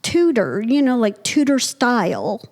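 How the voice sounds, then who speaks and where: A middle-aged woman from Ohio, an artist and professor, telling a story in casual conversation and acting out the dialogue. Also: normal speed. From Ohio, USA. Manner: animated storyteller, acting out dialogue with pitch jumps. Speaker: artist and art professor, guest.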